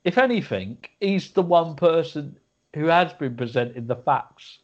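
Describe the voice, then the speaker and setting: A man's voice: on the high side, lively intonation. A man co-hosting a podcast, making wry jokes in casual banter. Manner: wry, quick to joke. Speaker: podcast co-host. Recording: dull lo-fi sound.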